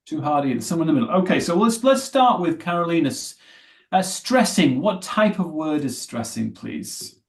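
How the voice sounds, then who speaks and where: A man with a fairly high, sing-song voice teaches an English vocabulary class online, speaking at normal speed. In the manner of a working teacher, he quizzes his students and encourages their answers during the live lesson.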